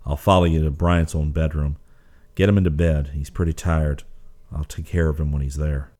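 A man voicing a calm, steady masked hero in a western audiobook, speaking in a firm, measured way. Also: a bass voice. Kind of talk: audiobook character voice.

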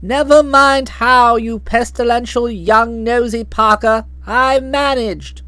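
A woman's voice: a little high, steady tone, slow, a bit bright, no room sound, voice pushed down. A woman reading an audiobook, voicing a blustering, hearty middle-aged aunt who talks in bluff, slangy outbursts. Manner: bluff, hot-tempered, slangy.

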